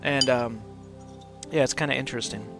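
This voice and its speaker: A man's voice: mid-range voice, fairly even intonation, normal speed, over music. A man chatting casually while he hosts a game livestream, rambling and laughing often. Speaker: livestream host, English teacher. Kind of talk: casual chat while gaming.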